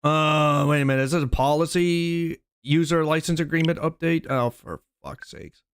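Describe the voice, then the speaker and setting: A man's voice: on the high side, steady tone, moderate pace, clean tone. Rambling male streamer grumbling. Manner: rambling, restarts, grumbles at updates. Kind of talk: casual chat while gaming.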